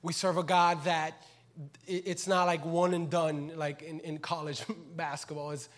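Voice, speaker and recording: A male pastor with a fairly high voice delivers a sermon. He works through the text, dropping low and soft, then climbing into loud, pressing questions to the congregation. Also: level tone, unhurried. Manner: impassioned, swings from quiet to loud.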